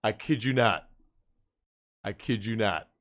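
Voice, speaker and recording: A man telling a story in casual chat, animated, swearing and repeating himself. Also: lowish voice, measured pace. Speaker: guest.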